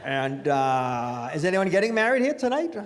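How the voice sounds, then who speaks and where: A middle-aged male comedian on a club stage, talking into a handheld mic in a high, lively voice. He is self-mocking and conversational and keeps turning to the crowd, with faint noise from the room behind him. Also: moderate pace. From Italian-American family. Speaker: stand-up comedian. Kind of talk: stand-up comedy set.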